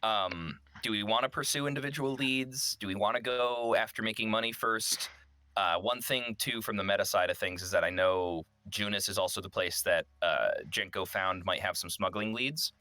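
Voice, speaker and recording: A man's voice: on the low side, moderate pace, sharp tone, dry recording. A man playing a tabletop game, explaining his character's plans in a rambling way with many ums and restarts. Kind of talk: casual tabletop game chat.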